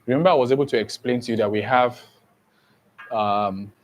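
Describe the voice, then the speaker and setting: A man's voice: mid-range voice, rough recording. A man teaching an online exam-prep English lesson, explaining step by step, repeating key terms and checking in with "okay?" often. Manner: slow, repetitive explaining with frequent "okay?" checks.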